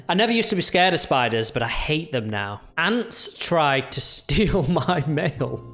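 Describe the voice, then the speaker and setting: A man's voice: fairly high pitch, big pitch swings, a little slow, hardly any pauses. A young man giving chatty, mocking reaction commentary on video clips. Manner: chatty, jokey, mocking asides.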